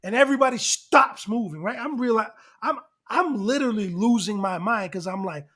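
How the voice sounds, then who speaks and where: A man telling a long story in casual chat, excitable and rambling, acting out what people said. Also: very high voice, brisk, few pauses. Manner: excitable, rambling, acts out quotes. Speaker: guest rapper and actor.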